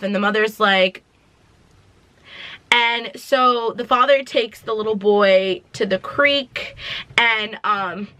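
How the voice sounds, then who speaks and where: A woman's voice: medium pitch, pushed and bright, no room sound. A woman vlogger casually retelling a film plot, with dramatic slang-filled asides. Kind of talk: casual chatty movie recap.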